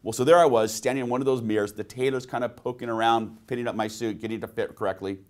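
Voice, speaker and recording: A man's voice: mid-range voice, level tone, fast. A man presenting a sales training webinar, telling personal anecdotes and asking his listeners rhetorical questions.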